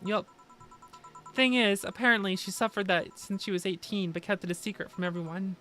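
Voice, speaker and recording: A woman's voice: medium pitch, fairly quick, fairly bright tone, soft background music, natural voice. A woman voicing a weary, sardonic young woman bartender who speaks bluntly and swears when upset. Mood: subdued.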